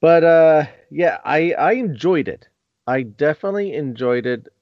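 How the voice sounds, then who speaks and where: A man's voice: on the high side, lively intonation, normal speed, no echo, muffled recording. A man hosting a podcast, talking casually and rambling with restarts. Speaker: podcast host.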